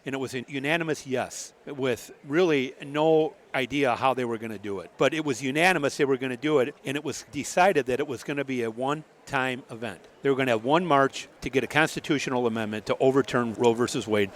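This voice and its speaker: A man's voice: mid-range voice, fairly quick, hardly any pauses. Man telling a story on radio. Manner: lively storyteller, acts out the voices he quotes. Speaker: radio guest.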